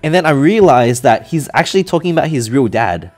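A man running a long live stream, rowdy and quick to laugh, his voice swooping up and down as he jokes with the room. He sounds a bit tipsy, with faint music playing behind him. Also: mid-range voice, lively intonation. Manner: loud, joking, laughing often. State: tipsy from drinking. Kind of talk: casual live-stream chat.

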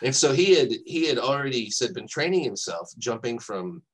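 A man's voice: mid-range voice, very animated, normal speed, poor audio. A man co-hosting a podcast, telling a long anecdote in a casual, rambling way, often laughing and quoting people. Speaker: podcast co-host. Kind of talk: casual storytelling chat.

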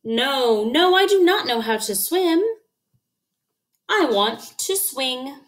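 A woman's voice: lively intonation, fairly bright tone, slight background noise, full character voice. A woman voicing a small, stubborn boy frog who whines, in a storybook read-aloud. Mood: whiny. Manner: whiny, squeaky, drawn-out.

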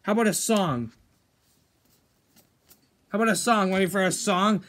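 A man's voice: high-pitched, normal speed, fairly bright tone. SpongeBob, a man playing a goofy sing-song sponge. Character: cheerful, silly cartoon sea sponge. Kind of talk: fan-made toy comedy skit.

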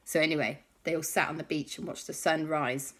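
A woman's voice: low voice, steady tone, brisk, fairly bright tone. A woman hosting a children's show, improvising a bedtime story with chatty, playful asides to the listeners.

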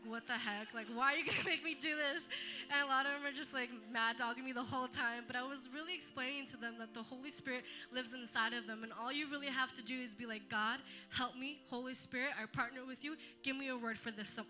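High bright young woman church leader. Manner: animated storytelling, acts out quotes. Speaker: youth leader. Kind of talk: church youth talk.

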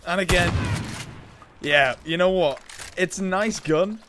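A young man chatting excitedly through gameplay, joking and laughing at his own lines. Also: high-pitched, slow pace, noisy background. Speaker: gaming YouTuber. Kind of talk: casual gameplay commentary.

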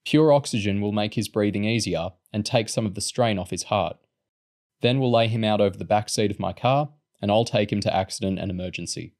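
A man voicing a calm, practical middle-aged vet who gives orders briskly and reassures kindly. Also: lowish voice, lightly acted.

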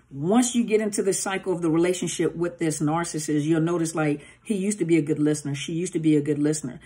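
A woman who coaches people on narcissistic abuse teaches in a relaxed, conversational style, her slightly low voice carrying a husky grain. She frequently acts out short bits of dialogue and peppers her casual talk with "you know" and other fillers.

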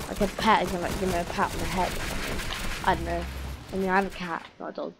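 A woman's voice: on the low side, little pitch movement, quick pace, very noisy. A woman giving casual gameplay commentary, rambling and teasing opponents while mocking her own play. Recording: recorded over loud gunfire game sounds. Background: game gunfire and sound effects.

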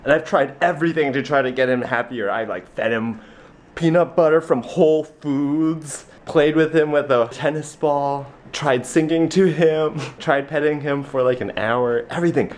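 A young man vlogs casually, cracking jokes and talking to his dog in a playful baby-talk voice. His voice is on the high side, at a moderate pace.

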